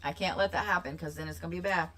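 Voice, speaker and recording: A woman hosting a casual livestream, rambling and repeating herself with sudden excitable bursts. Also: fairly low pitch, very fast, a little hiss or hum. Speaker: livestream host.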